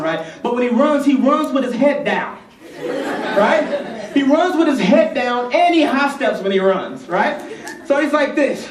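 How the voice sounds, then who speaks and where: Brief: energetic male youth speaker, call-and-response, heard from afar in an echoey hall. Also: very high voice, distant mic. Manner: energetic, rhythmic, rallies the crowd. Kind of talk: motivational speech with call-and-response. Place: large conference hall.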